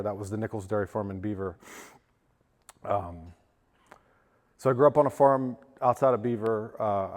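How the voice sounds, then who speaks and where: A man's voice: on the low side, a little mellow. A man from western Pennsylvania giving a personal recovery testimony as a guest speaker at a lunch. He talks earnestly, his voice cracks with emotion and he often restarts his sentences. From western Pennsylvania, USA. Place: event hall at a lunch. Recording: long hall reverb.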